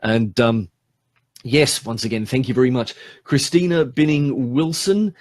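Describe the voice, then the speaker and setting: A man's voice: medium pitch, unhurried, a little mellow, dry recording, studio quality. An Australian man hosting a casual live stream for his podcast, chatting and rambling with lots of ums as he thanks his listeners. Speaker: podcast host.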